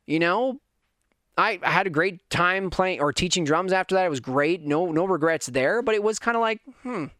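Animated man telling a story. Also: sits high, moderate pace, no echo, clean studio sound. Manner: animated, self-deprecating, conversational. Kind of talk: casual storytelling to viewers.

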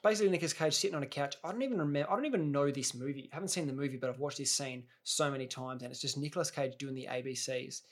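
A man's voice: medium pitch, quick pace, few pauses. A man hosting a casual reaction video, rambling enthusiastically and often restarting his sentences. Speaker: video host.

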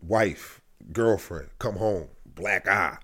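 A young man co-hosting a casual podcast, slangy and animated, acting out scenarios in different voices. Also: deep voice, slow pace. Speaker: podcast co-host.

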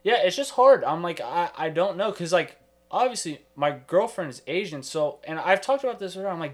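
A man's voice: sits high, animated, a little fast. A young man co-hosting a casual podcast with friends, rambling and thinking aloud with lots of fillers. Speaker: podcast co-host. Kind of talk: casual chat among friends.

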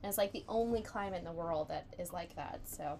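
A woman's voice: fairly low pitch, fairly quick, gravelly, crowd noise. A young woman from San Diego, a podcast guest, talking in a chatty, opinionated way and laughing often. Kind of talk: casual chat.

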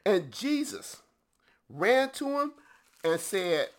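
A man's voice: high-pitched, big pitch swings, slow. A man preaching a teaching sermon to a congregation, emphatic and often putting questions to his listeners.

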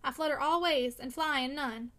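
A man's voice: very high-pitched, normal speed, bright, forceful tone, rough recording. A woman voicing a brooding, sensitive young man who argues vehemently in a storybook reading. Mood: wistful. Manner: vehement, pleading.

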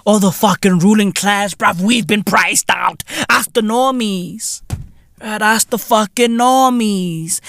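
A South African man hosting a podcast, ranting in a profane, mocking way and often shouting. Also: high-pitched, slow, no room sound. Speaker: podcast host. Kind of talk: comedic rant.

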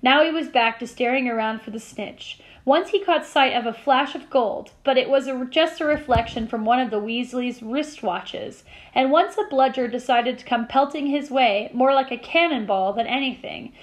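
A woman teacher reading a novel aloud to her class with expressive storytelling. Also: sits high, normal speed, hardly any pauses, poor audio.

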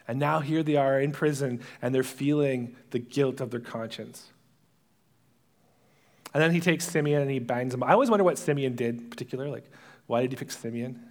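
A man preaching a sermon, retelling a Bible story as an animated storyteller who acts out the characters' lines. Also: mid-range voice. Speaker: pastor.

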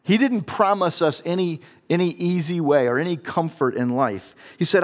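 A fairly high-pitched Ohio father speaks at a moderate pace with few pauses. His personal story, told conversationally with self-deprecating laughter, grows into an earnest devotional talk.

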